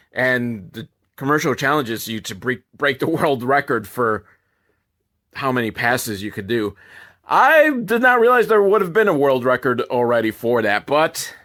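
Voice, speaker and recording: A man's voice: mid-range voice, a bit bright. A man doing a sarcastic, profane comedic movie recap as a reviewer.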